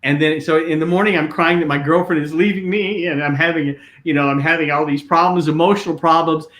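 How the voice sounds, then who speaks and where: An older man tells showbiz stories as a guest, animated and full of fillers and restarts. His voice is bright and forceful, and it rings with a roomy echo. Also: a little high, a little fast. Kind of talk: casual storytelling.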